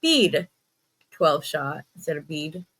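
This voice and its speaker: A woman's voice: mid-range voice, measured pace, fairly bright tone. Stuffed-up woman hosting a bead unboxing. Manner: chatty, many ums, laughs at herself. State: stuffed up, lower energy. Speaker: beading channel host. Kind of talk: casual unboxing chat.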